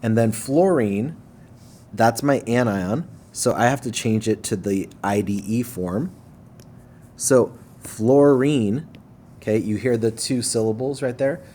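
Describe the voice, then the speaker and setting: A teacher with a somewhat low, darkish voice leads a recorded lesson at an easy pace, checking in with listeners repeatedly and slowing to stress syllables when they matter. A faint hiss of room ambience runs beneath his voice.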